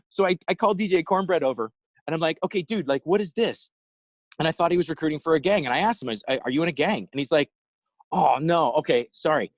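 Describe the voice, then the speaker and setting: Guy telling a story on a video call, kinda high voice, acts out the quotes, dry close sound. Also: dry recording, rough recording. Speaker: inspirational speaker.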